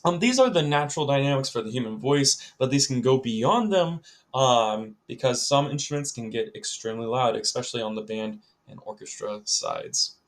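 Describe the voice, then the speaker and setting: A man's voice: medium pitch, expressive, normal speed. Chatty young male music teacher. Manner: chatty, addresses students directly, many ums. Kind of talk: recorded music lesson for children.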